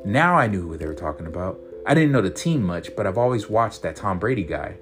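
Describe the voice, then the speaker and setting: A man hosting a podcast, reading a serialized story aloud in a relaxed way with fillers. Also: on the low side, fairly quick. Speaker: podcast host and story reader. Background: guitar music.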